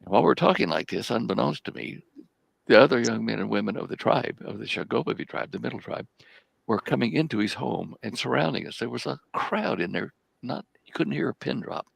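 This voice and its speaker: An older man, a guest on a live talk show, telling a long story in a halting way and repeating words as he goes. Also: medium pitch, expressive, vocal fry, slightly rough, dry recording. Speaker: guest researcher.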